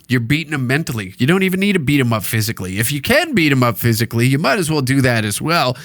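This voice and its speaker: A man's voice: mid-range voice, a bit bright, dry recording, clean studio sound. A man hosting a solo podcast, ranting in a blunt, profane, rambling and jokey way. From Canada. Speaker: podcast host. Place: alone in a small recording room.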